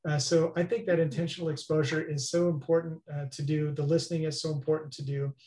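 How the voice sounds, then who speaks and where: Earnest male guest, slightly high voice, roomy echo. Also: level tone, quick pace, dark tone. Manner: earnest, explanatory, often asks "right?". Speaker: guest expert. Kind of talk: interview conversation.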